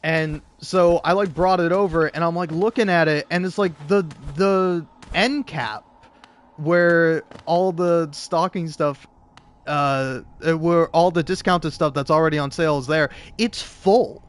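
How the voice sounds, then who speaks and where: Young male gaming host, slightly high voice, stammering storyteller with a casual, profane ramble. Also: a little slow. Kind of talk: storytelling while playing a game.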